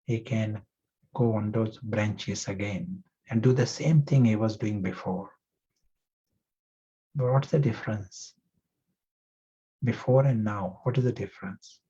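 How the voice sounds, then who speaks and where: A male spiritual teacher giving a class, reflective and gentle, telling a parable and asking his listeners questions. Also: lowish voice, measured pace, pauses often, husky. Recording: muffled lo-fi recording.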